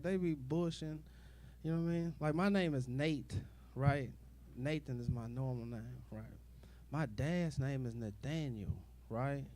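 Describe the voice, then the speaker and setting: A man's voice: fairly high pitch, darkish tone. A young man doing a rambling, profane stand-up comedy set, full of fillers and asides to the crowd.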